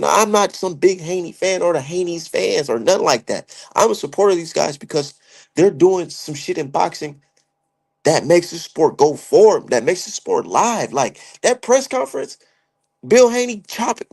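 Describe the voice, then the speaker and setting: Brief: young man, gravelly voice, sits a little high, heated profane rant, streamer commentary. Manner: heated, profane, animated, slangy. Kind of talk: ranting casual commentary.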